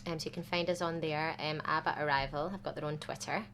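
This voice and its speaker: A woman guest on a radio interview, friendly and hesitant, often pausing with filler sounds. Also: low-pitched, fairly even intonation, a bit bright, slight background noise. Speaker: tribute band organiser. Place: radio studio.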